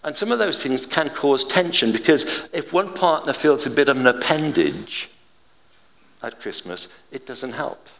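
An older man giving an informal, chatty sermon with gentle humour and family anecdotes. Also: mid-range voice, expressive, a little slow, gravelly, long reverb tail.

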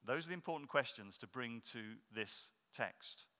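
A man preaching a sermon, explaining earnestly and slowing down to stress key points. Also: mid-range voice, animated, pushed and bright. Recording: long reverb of a hall.

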